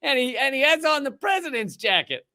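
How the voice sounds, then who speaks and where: A man voicing dim-witted voters with a thick Southern US accent, in a much higher, slower voice than his own. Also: very animated, sharp tone, full character voice. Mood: goofy.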